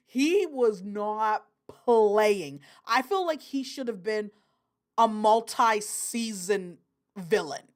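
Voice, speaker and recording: A woman hosting a casual live stream, reading out viewer chat in a chatty, rambling way, often apologizing and breaking into loud, excited bursts. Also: mid-range voice. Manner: apologetic and rambling, with many fillers.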